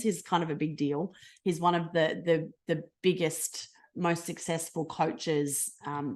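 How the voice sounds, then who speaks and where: A middle-aged woman with an Australian accent, leading a motivational team call in a bubbly, effusive, casual way, swinging between fast and slow. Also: on the low side. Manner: speeds up and slows down a lot. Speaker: team leader presenting a business call.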